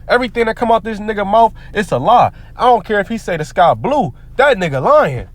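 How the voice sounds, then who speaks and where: A man's voice: high-pitched, very animated, fairly quick. A man giving heated, profane, preacher-like commentary on the news, quoting scripture between rants. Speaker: commentary vlogger.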